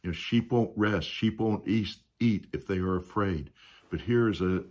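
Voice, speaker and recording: A man leads a Sunday school Bible lesson in an easy, conversational way. His voice is low and husky. He often slips in "you know" and asks the class questions as he explains. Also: normal speed, darkish tone.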